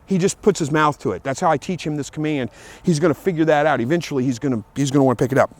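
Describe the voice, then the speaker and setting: A man's voice: fairly high pitch, quick pace, a little mellow. A man talking casually outdoors about training his dog, plain and easygoing, repeating himself and calling out commands to the dog now and then. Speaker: dog owner giving training tips. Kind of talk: casual outdoor vlog talk. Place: outdoors in a field.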